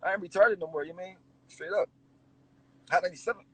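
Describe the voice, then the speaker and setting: A man's voice: sits high, fast, husky, dry recording, poor audio. A man, a rapper telling stories in a casual interview, swearing and laughing as he goes. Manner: animated, swearing, laughing storyteller.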